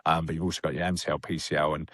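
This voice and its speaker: A young man tells his story plainly and candidly, his voice sitting low. The sound is dry and close, with little room in it. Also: level tone, very fast, fairly bright tone, no room sound. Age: young adult. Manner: candid, plain-spoken, full of fillers. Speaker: rehab client guest. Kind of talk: casual storytelling.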